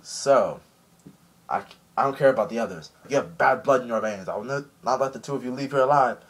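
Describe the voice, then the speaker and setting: A man's voice: medium pitch, brisk, lightly acted. Man doing a cold menacing admiral. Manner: flat scornful threats.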